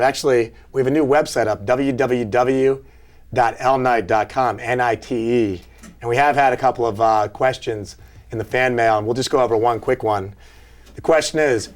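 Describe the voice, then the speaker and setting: A man in his thirties hosting a casual late-night talk show, halting and repeating himself as he chats. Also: mid-range voice. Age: 30s.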